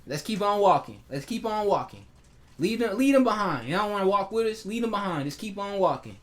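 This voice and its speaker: God figure: calm, reassuring father, encouraging; a man doing it in his own voice. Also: high-pitched, a little fast. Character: reassuring fatherly God calling him son.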